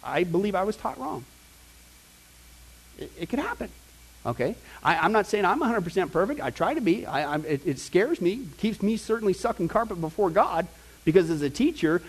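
High-voiced animated pastor. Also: male voice, husky. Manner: animated, conversational preaching with asides and mock voices. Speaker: pastor teaching a Bible class. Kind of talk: sermon.

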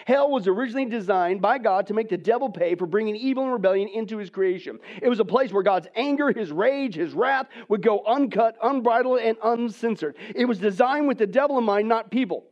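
Male preacher, high voice, dramatic sermon, hushed to loud, rhetorical questions, muffled lo-fi sound. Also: animated, fairly quick, few pauses. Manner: dramatic, swinging from hushed near-whispers to loud emphatic preaching; addresses the audience as "folks", rhetorical questions. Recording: dull lo-fi recording.

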